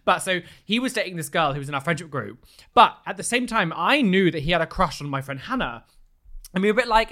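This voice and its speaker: A woman's voice: fairly low pitch, sing-song, normal speed, a bit bright. A young woman telling rambling, self-deprecating stories in casual chat.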